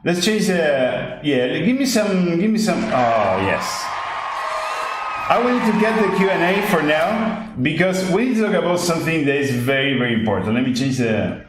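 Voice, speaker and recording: A man's voice: a little high, expressive, moderate pace. A man hosting a podcast in casual chat, ranting emphatically and repeating his points, speaking English as his second language. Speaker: podcast host. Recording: echoey room with faint music.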